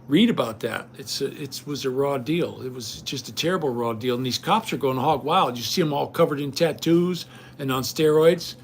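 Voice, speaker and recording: A man's voice: medium pitch, moderate pace, a little hiss or hum. An older man hosting a livestream, ranting indignantly and rambling straight at his viewers. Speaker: livestream host. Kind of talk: casual rant to viewers.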